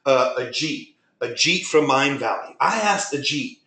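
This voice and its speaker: Animated man telling business stories. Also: mid-range voice, measured pace. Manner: animated, retells conversations with quoted dialogue. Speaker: webinar presenter. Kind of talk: storytelling business presentation. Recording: roomy echo.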